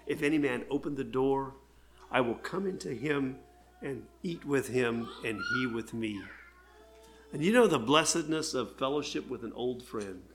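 An older man delivers an earnest sermon. His voice sits in an ordinary middle register, and he is heartfelt as he speaks to his congregation, often pausing between phrases. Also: mid-range voice, fairly bright tone, a little hiss or hum. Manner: earnest, heartfelt preaching with pauses. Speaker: pastor.

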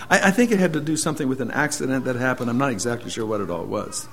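A man's voice: mid-range voice, a little hiss or hum. Earnest male preacher telling a story. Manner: earnest, swings between loud emphasis and hushed, slow lines. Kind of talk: sermon storytelling.

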